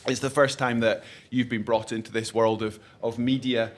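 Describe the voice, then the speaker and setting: A man hosting a live podcast conversation, talking quickly with many restarts and rambling asides. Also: medium pitch, steady tone. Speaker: podcast host. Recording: faint ambient noise, live event.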